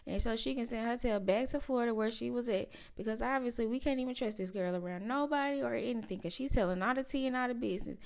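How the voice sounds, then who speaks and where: A woman's voice: on the high side, quick pace, vocal fry, few pauses. A woman casually recapping a reality show and giving her blunt, opinionated, slangy take on it. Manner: opinionated, animated, informal slang.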